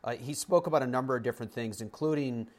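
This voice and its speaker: A male golf show host recapping the weekend's events in a relaxed, conversational way. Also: mid-range voice, quick pace. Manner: conversational, loose recap with fillers. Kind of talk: recapping interviews on a talk show.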